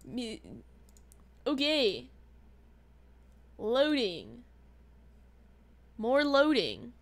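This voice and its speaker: A woman streamer chatting casually through a gaming livestream, excitable, with dramatic playful outbursts. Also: fairly high pitch, drawn-out words. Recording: stream audio with music playing underneath. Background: background music.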